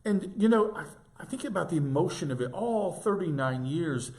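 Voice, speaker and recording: A man in his sixties, a pastor, giving an informal devotional reflection in a tender, halting way with gentle restarts. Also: fairly high pitch, lively intonation.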